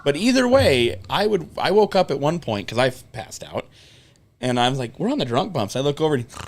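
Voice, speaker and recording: This young man, a podcast co-host, tells road stories quickly in a voice that runs a little high. The talk is casual and full of free swearing as he animatedly acts out what people said.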